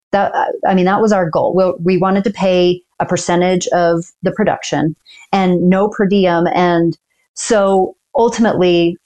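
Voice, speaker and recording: Woman attorney explaining calmly, lowish voice. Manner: earnest, explanatory, measured. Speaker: dental attorney guest. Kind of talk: casual interview talk.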